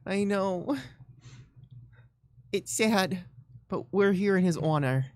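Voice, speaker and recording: A woman streaming a game playthrough, chatting casually, playful and quick to laugh. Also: mid-range voice, a little mellow, no room sound.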